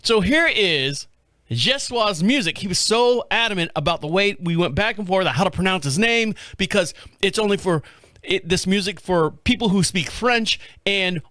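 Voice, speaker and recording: Animated American man telling a story. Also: high-pitched, moderate pace, dry recording, clean studio sound. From United States. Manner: rambling, animated retelling with frequent restarts and laughs; swears casually. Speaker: podcast host. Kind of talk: casual storytelling monologue.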